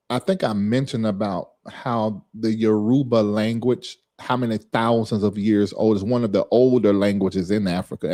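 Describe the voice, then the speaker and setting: A man's voice: on the low side, warm tone. A man hosting a casual live stream, chatting with viewers by name and drilling them on how to say a word. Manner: chatty, repeats and drills a word's pronunciation; talks to chat viewers by name.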